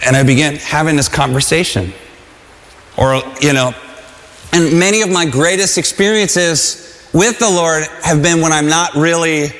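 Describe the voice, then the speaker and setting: A man's voice: a little high, a bit bright, big-room sound. A pastor preaching a sermon to a congregation in a loose, conversational way, often restarting his sentences.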